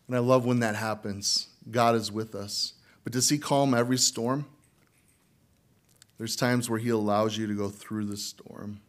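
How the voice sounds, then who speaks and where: A man preaching a sermon in an easy, conversational way, speaking at a middle pitch. He keeps turning to the congregation with questions. At moments he jumps up high to act out frightened figures from the story. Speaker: pastor.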